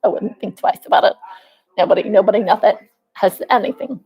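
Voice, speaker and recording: A woman's voice: medium pitch, brisk, dull audio. A woman in her forties venting in a rambling, profane vlog monologue, full of restarts. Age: 40s. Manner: aggrieved, venting. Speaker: vlogger.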